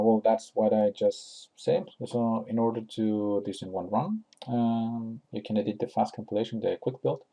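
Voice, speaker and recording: Slow, gravelly-voiced man explaining software. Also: on the low side. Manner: unscripted, many fillers and restarts, thinking aloud. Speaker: tutorial host. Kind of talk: screen-recorded software tutorial.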